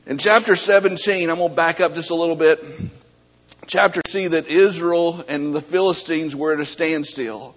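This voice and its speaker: A man delivers a sermon in a slightly high voice, swelling from hushed prayer to fervent preaching. His words ring through a large church sanctuary with a long tail of reverb, and the recording sounds somewhat dull and muffled. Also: fairly even intonation, moderate pace. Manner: builds from quiet prayer to fervent, rising preaching.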